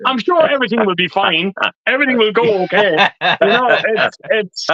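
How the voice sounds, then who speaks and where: A man's voice: high-pitched, lively intonation, moderate pace, bright, forceful tone, dry recording. A man on a live stream film chat, grumbling sarcastically and swearing about a movie that disappointed him. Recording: dry, muffled stream audio.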